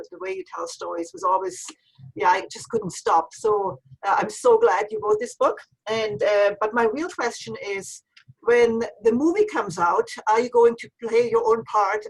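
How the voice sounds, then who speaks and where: A woman on a video call talks eagerly, and her pitch bounces around a lot. Her voice is fairly high, with a husky, creaky texture. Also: rough recording. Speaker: guest at book launch.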